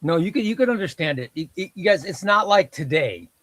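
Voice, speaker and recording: A man with a slightly high voice, insistently hammering home his argument in a casual panel chat. He repeats himself to press the point. The sound is dry and close. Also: expressive, brisk, fairly bright tone, no echo. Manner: emphatic, insistent arguing. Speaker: podcast co-host.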